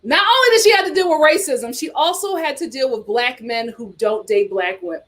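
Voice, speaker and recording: A woman's voice: high-pitched, expressive, fairly quick, fairly bright tone. A woman hosting a casual commentary show, reading articles and viewer comments aloud and reacting in an outspoken, exclaiming way. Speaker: host.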